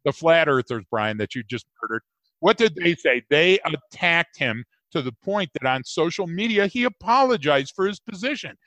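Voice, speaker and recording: With a voice on the high side and a moderate pace, a man co-hosts a casual podcast, animatedly rambling through stories and leaning on fillers. There's no echo.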